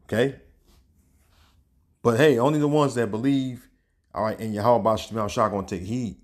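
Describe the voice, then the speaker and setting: This online preacher speaks in a mid-range voice with fairly even intonation, delivering casual religious teaching. Fillers such as "man" and "all right" run through his loose talk, and he stops to hunt for passages before reading scripture and news out loud.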